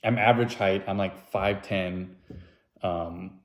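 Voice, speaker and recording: A man's voice: fairly even intonation, a little slow. Rambling, self-mocking podcast guy. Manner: puts on silly high voices when quoting. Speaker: podcast host. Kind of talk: casual solo podcast monologue.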